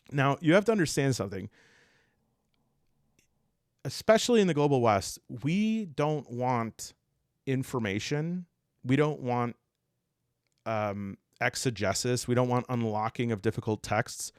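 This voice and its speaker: A man hosting a casual podcast, explaining ideas in an animated, digressive way with jokey asides. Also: mid-range voice, unhurried, pauses often, clear, resonant tone, no room sound, clean studio sound. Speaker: podcast host.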